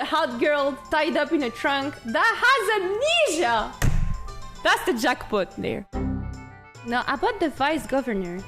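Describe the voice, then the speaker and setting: Giggly, excitable woman streaming a game. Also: high voice, measured pace, faint music behind. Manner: giggly, excitable, gushing outbursts. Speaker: VTuber streamer. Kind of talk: live-streamed game playthrough, reading text aloud.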